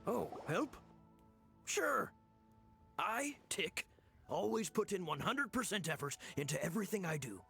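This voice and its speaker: An actor playing a sly male odd-job worker who haggles hard, speaking with a put-on Irish accent and a husky voice in a video game. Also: high-pitched, big pitch swings, measured pace, long pauses, pushed and bright, soft background music, heavily acted. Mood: shrewd haggling. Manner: shrewd, bargaining, sly.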